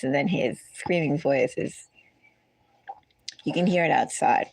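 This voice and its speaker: A woman's voice: deep voice, a little slow, creaky, long pauses, a little mellow, no room sound. A woman hosting a tarot reading, talking in a casual, rambling way that drifts into side stories and corrects itself as she goes. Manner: rambling, digressive, self-correcting. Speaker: tarot reader. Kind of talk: casual chatty astrology reading.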